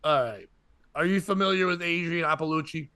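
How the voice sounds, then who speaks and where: A male comedian telling stories on a podcast with a bright, tense edge and a voice set a little high. He is animated and slips into the voices of the people in his stories. The sound is close and dry. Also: fairly quick, clean tone, dry recording. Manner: animated, acts out quoted voices. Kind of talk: casual storytelling chat.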